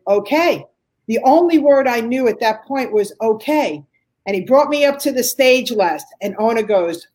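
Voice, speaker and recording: An older woman giving an emotional personal testimony as an interview guest, acting out the lines she quotes with big jumps in pitch. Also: darkish tone, rough recording. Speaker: guest telling her story.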